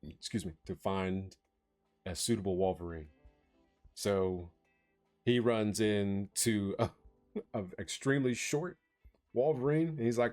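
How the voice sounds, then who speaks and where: Deep-voiced man rambling through a recap. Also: a little mellow. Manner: rambling, filler-heavy, laughs while retelling. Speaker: movie reviewer. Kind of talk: casual spoiler recap.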